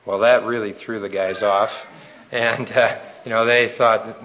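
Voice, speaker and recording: A man's voice: lowish voice, flat delivery, a little slow, a bit bright, dull audio, a little hiss or hum. A man preaching a sermon and telling his own testimony in an earnest, folksy storytelling way.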